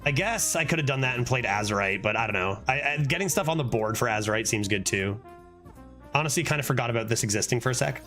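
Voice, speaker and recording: A man's voice: medium pitch, quick pace, soft background music. A man streaming a card game, chatting casually, swearing and breaking into laughing outbursts. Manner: animated, swears often, frequent laughing outbursts. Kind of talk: casual gameplay commentary.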